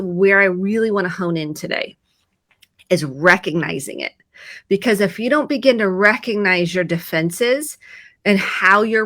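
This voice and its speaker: Bright-voiced woman therapist. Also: lowish voice, no room sound. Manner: animated storytelling, acts out her own quoted lines. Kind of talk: video chat about mental health. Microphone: video call.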